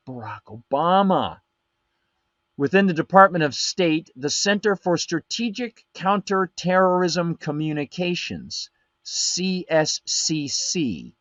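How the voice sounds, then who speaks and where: A man's voice: fairly high pitch, a bit bright, no room sound, highs cut off. A man hosting a live political commentary show, reading documents aloud and breaking off with sarcastic asides. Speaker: show host.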